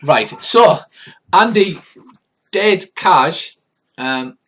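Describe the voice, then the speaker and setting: A man's voice: high-pitched, expressive, very slow, a bit bright, slight background noise. Older man running a tabletop game. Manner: loose, rambling narration with restarts and sound effects. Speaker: game master.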